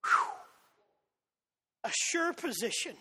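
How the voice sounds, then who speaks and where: A man with a Southern drawl from Georgia, preaching a fiery sermon that swings between loud shouts and soft asides. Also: very high voice, very animated, takes it slowly. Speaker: pastor. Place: church sanctuary. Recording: long hall reverb.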